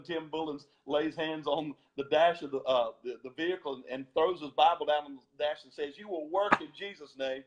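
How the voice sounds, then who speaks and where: Chatty man guest with dull call audio. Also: fairly high pitch. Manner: laughs often, repeats words when telling stories. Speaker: guest, former gospel singer. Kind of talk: storytelling interview.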